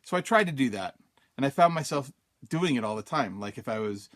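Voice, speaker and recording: A man's voice: medium pitch, lively intonation, a little fast, a bit bright. A man hosting a self-help podcast, telling a personal story casually, with many fillers, and acting out his own thoughts in quotes. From Utah, USA. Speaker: podcast host.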